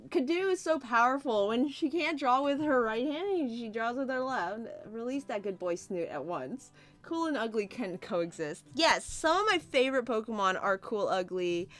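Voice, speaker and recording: Woman artist on a live drawing stream: fairly high voice, slow and giggly, faint music underneath. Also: fairly bright tone. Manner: giggly, chatty, reads viewer comments aloud. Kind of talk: casual livestream chat.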